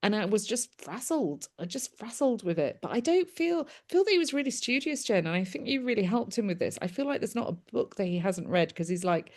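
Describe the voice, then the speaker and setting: A woman medium giving a live reading, talking in halting, repetitive bursts, relaying what she senses with frequent restarts and bits of laughter. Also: fairly high pitch. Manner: earnest and animated, breaking into laughs. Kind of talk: live mediumship reading over a video call.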